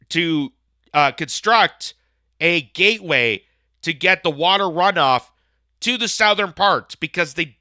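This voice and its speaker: A man's voice: on the high side, sharp tone, dry recording, studio quality. A man hosting a political reaction commentary, ranting sarcastically with heavy emphasis. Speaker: commentary host.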